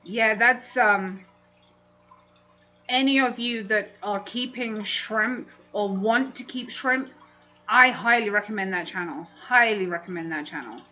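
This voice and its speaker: A woman's voice: medium pitch, measured pace, sharp tone, lo-fi sound, a little hiss or hum. A woman hosting a casual livestream, chatting and laughing often as she reads comments aloud. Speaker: livestream host.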